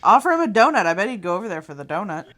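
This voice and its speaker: A woman's voice: medium pitch, sing-song, rapid-fire, a bit bright. A woman guesting on a podcast, making wry, teasing remarks during casual movie commentary.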